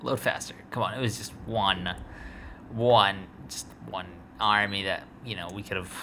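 Brief: low-pitched male gamer, rambling let's-play commentary, tripping over words, sleepy, noisy home recording. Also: unhurried. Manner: rambling, stumbles over words, talks to the game. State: sleepy, yawning. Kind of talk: casual gameplay commentary. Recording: steady background noise.

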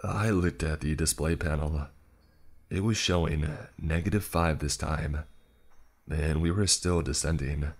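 Super deep slow guy telling a horror story, dry sarcastic tone. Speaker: narrator.

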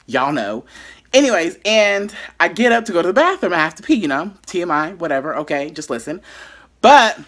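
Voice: medium pitch, big pitch swings, fairly quick, a bit bright. A YouTuber telling a dramatic story from their bedroom, with lots of asides to the viewers. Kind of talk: storytime vlog.

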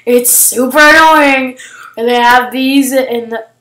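A woman hosting casual gameplay commentary, excitable, shrieking and gasping at surprises. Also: high voice, slow, roomy sound, low-quality recording. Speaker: gaming channel host.

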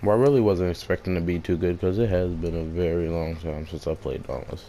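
A man giving casual, excitable commentary while playing a video game, shouting at the monster he is fighting and exclaiming often. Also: low voice, fairly quick, hardly any pauses, soft background music. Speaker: gaming streamer.

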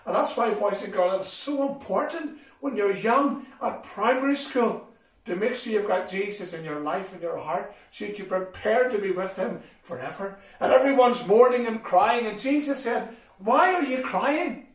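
Male assembly speaker, expressive storyteller for children; high-pitched, picked up from a distance in a big hall. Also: moderate pace. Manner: animated and expressive, addressing children directly. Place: school hall. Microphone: distant from the recording mic. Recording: echoey hall from far off.

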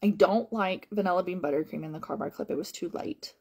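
A woman who works as a home-fragrance consultant, talking casually to viewers in a rambling, animated way with lots of fillers and repeated phrases. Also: fairly low pitch, fairly quick, slightly rough. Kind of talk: casual live-stream chat to viewers.

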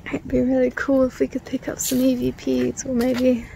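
Woman, paranormal investigator, fairly high pitch, hushed curious talk, faint background noise. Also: completely flat delivery, normal speed, vocal fry. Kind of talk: casual ghost-hunting chat.

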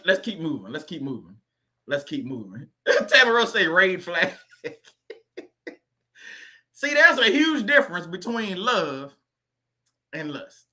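A man hosting a livestream in a loose, rambling way, laughing often as he goes off on tangents. His voice is high and very bright, with a sharp edge. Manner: rambling, laughing, chatty asides. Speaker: livestream host. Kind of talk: joking livestream talk.

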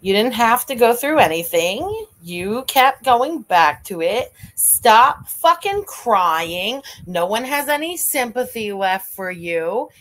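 A young woman streams live reaction commentary, her voice sitting a little high. She talks bluntly and mockingly, swearing freely as she thanks viewers and tears into the clips. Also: animated, measured pace. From Canada.

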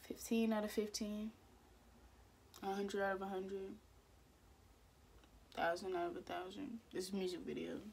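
A woman's voice: medium pitch, little pitch movement, unhurried, creaky, pauses often, darkish tone, slight background noise. A young woman hosting a music video reaction, gushing with effusive exclamations.

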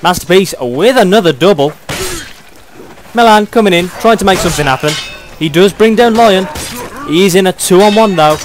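A young British man doing excitable play-by-play commentary on a video game match, chuckling often. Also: high-pitched, normal speed, long pauses, noisy background.

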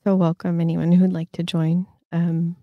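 A woman's voice: fairly low pitch, little pitch movement, normal speed, no echo, dull audio. A woman in her fifties hosting a casual livestream, telling stories with lots of fillers and restarts. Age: 50s. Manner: rambling storyteller, many fillers and restarts. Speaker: host.

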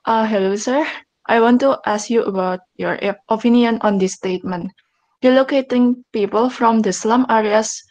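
A woman's voice: medium pitch, darkish tone. Female student on a video call, polite and careful as she asks her question. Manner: polite, careful, slightly hesitant. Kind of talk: asking a question in an online lecture.

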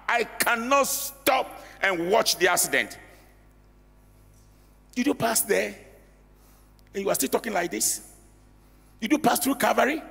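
A man's voice: extremely high pitch, animated, a little slow, gravelly, pauses often, a bit bright, husky. A man, an elder preaching an emphatic sermon in a church and at times breaking into song. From Ghana. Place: church hall. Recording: reverberant church hall with music.

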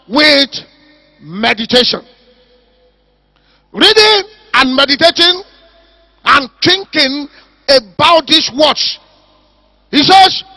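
High-pitched, shouting preacher man. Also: dry recording. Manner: shouting, emphatic, drawn-out repetitions. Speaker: pastor. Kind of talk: fiery preaching sermon. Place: church service.

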